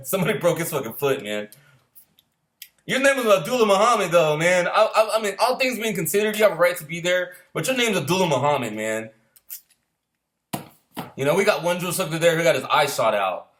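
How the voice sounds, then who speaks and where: A man with a slightly high voice tells a casual anecdote at a rapid clip. He swears freely, laughs often between lines, and slips into loud impressions of yelling drill instructors. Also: expressive. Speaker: storyteller recalling boot camp.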